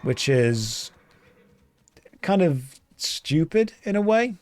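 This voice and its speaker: An English man rambles and jokes as he plays an online game, thinking aloud between moves. His voice sits a little high for a man. The sound is close and dry. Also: very animated, drawn-out words, a little mellow, no room sound. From England. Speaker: streamer playing an online game. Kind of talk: casual gameplay chat.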